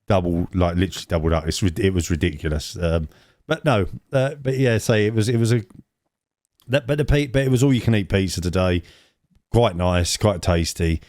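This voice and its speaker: A man's voice: low voice, normal speed, a little mellow, no echo, studio quality. A man co-hosting a casual podcast chat, rambling with many restarts. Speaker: podcast co-host. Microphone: own mic, remote.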